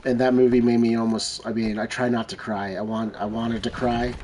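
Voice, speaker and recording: Brief: a male streamer chatting aimlessly mid-game, mid-pitched and offhand, gunfire noise under the voice. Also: little pitch movement, fairly quick. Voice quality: loose, rambling, swears casually. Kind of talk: casual rambling chat while gaming. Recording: noisy, with game gunfire behind.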